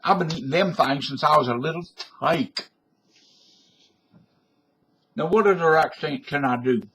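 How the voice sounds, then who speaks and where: Brief: man in his 50s or 60s, webcam vlog at home, slow and folksy, fairly high husky voice. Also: a bit bright. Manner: folksy and digressive, with frequent self-corrections. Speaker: vlogger. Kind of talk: rambling casual monologue.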